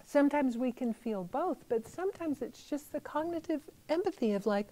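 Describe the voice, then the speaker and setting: Middle-aged woman, Buddhist teacher; mellow, fairly high voice; gentle reflective talk. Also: expressive, moderate pace, hardly any pauses, poor audio. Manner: gentle, thoughtful, conversational with fillers.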